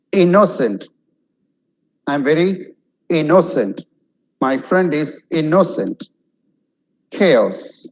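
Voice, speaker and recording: A man teaching English pronunciation and vocabulary in an online lesson, drilling single words slowly for learners to repeat. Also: medium pitch, darkish tone, husky, poor audio.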